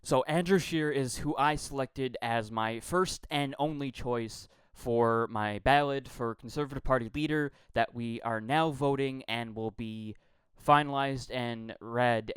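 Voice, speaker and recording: Guy from quebec ranting about politics, swears a lot, smooth clear voice, dry close sound. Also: mid-range voice, unhurried, no echo. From Quebec, Canada. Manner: blunt, profane, heated; repeats words when worked up. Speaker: political commentator. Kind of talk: political rant.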